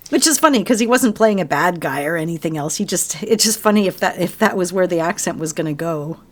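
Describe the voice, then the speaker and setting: Animated female podcast co-host, low voice. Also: normal speed. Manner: animated storytelling, acts out characters' lines. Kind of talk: casual chat reviewing a game.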